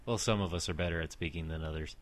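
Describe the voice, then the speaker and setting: A man's voice: sits low, steady tone, fast, no room sound. A man in casual chat with friends, chatty and explaining things at length.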